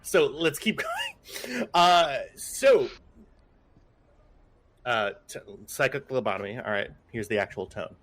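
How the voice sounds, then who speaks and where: A man's voice: medium pitch, wildly swooping pitch, slow, long pauses, fairly bright tone. A man running a tabletop game for his friends, his voice moving up and down freely as he sets the scene. He talks loosely and jokes around, wandering into asides before getting back to the story. He sounds at ease with the group. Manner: loose and joking, trailing off in asides. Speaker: game master.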